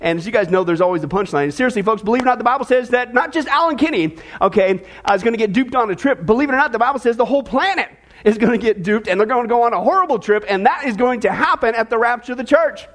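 A man's voice: extremely high pitch, lively intonation, quick pace, a bit bright. A man preaching a sermon, joking with his congregation and addressing them directly. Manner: jokey, talks directly to the congregation. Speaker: pastor.

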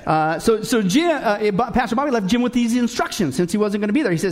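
High, lively folksy preacher man. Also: quick pace, few pauses. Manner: folksy joke-telling preacher, addresses the congregation as folks. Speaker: pastor. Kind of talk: sermon.

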